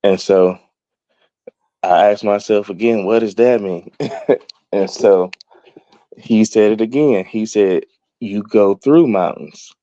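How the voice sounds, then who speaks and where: A young man, appearing as a guest, tells a personal story slowly and with long pauses, laughing along the way and acting out the dialogue he quotes. His voice is low and mellow. The recording is dull, dry and lo-fi, with no echo.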